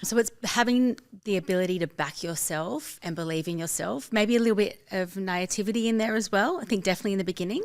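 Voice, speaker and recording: Speaking quickly at a medium pitch with hardly any pauses, this Australian fashion label founder chats cheerfully as an interview guest. She recounts her business story and often quotes what she and others said.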